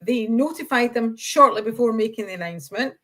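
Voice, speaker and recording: A woman's voice: on the high side, animated, brisk, a bit bright. A woman on a podcast, explaining a political point at length, with many fillers. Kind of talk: casual political chat.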